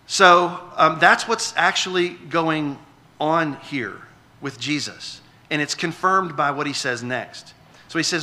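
Man, middle-aged pastor, high-ish and very bright voice, talks the congregation through a passage. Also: takes it slowly. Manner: conversational, repeats words when restarting; asks the congregation questions. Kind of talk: sermon.

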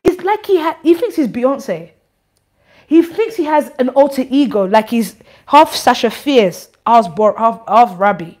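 A woman giving an informal church address, animated, teasing and scolding. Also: a little high, unhurried. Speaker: church leader.

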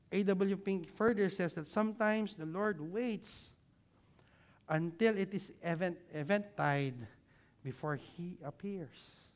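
A man preaching a sermon with slides, dropping his voice low for emphasis and leading the congregation to repeat words after him. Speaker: pastor.

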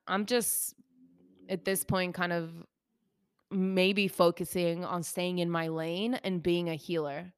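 A woman's voice: on the low side, fairly even intonation, takes it slowly, clear, resonant tone, dry recording. A woman co-hosting a podcast, speaking earnestly and reflectively about healing in casual chat. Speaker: podcast co-host, healer.

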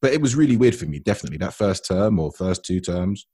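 A man's voice: deep voice, quick pace, breathy edge, dry recording, studio quality. A man with a London accent, telling stories in a casual chat and acting out the voices in them. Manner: animated storyteller, acts out voices in his anecdotes.

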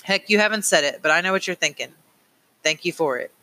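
A man reading an audiobook, voicing a steady, principled middle-aged father who speaks earnestly and firmly. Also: high voice, fast talker, heavily acted. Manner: earnest, pleading, firm.

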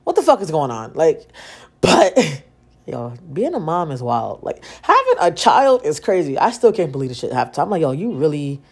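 A woman's voice: low-pitched, moderate pace, husky. A young woman, telling stories casually and profanely on her own podcast. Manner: profane, animated, slangy. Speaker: podcast host. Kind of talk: casual solo storytelling.

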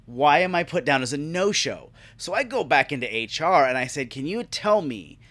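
A man's voice: on the high side, sing-song, moderate pace, a bit bright, no echo. A man hosting a podcast, telling a long profane story with exasperation. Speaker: podcast host. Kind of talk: ranting solo monologue.

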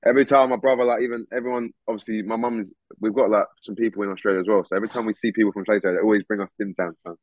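Speaking very fast with hardly any pauses, a musician guest keeps this interview chat loose and lively, swearing freely and leaning on slang. His voice is on the low side, and the recording is dull and dry.

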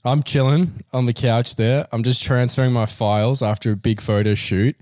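A man's voice: mid-range voice, steady tone, normal speed, a little mellow, no room sound, clean studio sound. A man co-hosting a podcast, telling stories in casual chat, laughing often and acting out what people said. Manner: laughs often, swears casually, acts out quotes. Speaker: podcast co-host.

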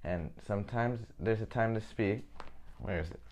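A man's voice: lowish voice, moderate pace, a little mellow, a little hiss or hum. A young man giving an informal, rambling Bible lesson, often checking in with "okay?". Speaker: Bible study teacher.

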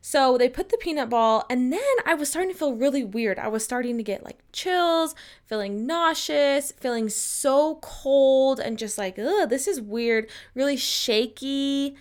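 A woman's voice: high-pitched, a little slow, clear, resonant tone. A young woman in her twenties telling a personal story to camera in a chatty, upbeat way. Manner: chatty and upbeat, with animated quotes. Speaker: vlogger.

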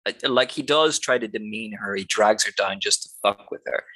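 Bright-voiced man in casual podcast chat. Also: on the low side, moderate pace, no room sound, low-quality recording. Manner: laid-back and analytical, breaks into laughs. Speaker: podcast co-host. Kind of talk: casual film-discussion chat.

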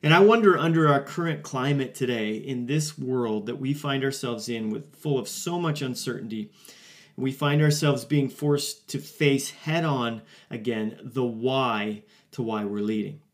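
A man's voice: mid-range voice, unhurried. A man in his forties hosting a podcast, telling a personal story in an earnest, conversational way with frequent fillers and restarts. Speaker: podcast host. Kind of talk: casual solo podcast monologue.

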